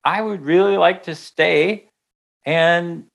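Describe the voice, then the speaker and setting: A man's voice: sits high, slow pace, creaky, voice pushed up, exaggerated voice. A man voicing a stubborn woman who pleads to stay in heaven. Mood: insistent. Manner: insistent, pleading.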